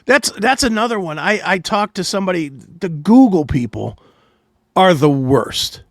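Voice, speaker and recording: A man co-hosting a podcast, telling profane, animated stories in casual chat. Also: high-pitched, a little slow, no echo, clean studio sound. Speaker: co-host.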